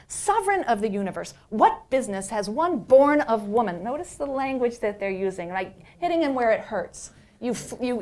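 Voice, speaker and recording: A middle-aged woman professor lecturing on religious texts, animated and playful, often asking "right?". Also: medium pitch.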